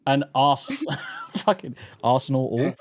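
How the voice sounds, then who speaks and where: A man's voice: mid-range voice, slow pace, a little hiss or hum. A British man hosting a podcast, chatting casually with sweary, jokey banter. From Britain. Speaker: podcast host. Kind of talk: casual chat.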